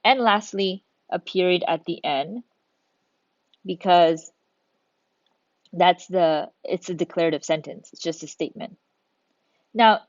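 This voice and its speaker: A woman's voice: on the low side, no echo, dull audio. A woman teacher talking through a recorded grammar lesson, patient, step by step, thinking aloud as she works.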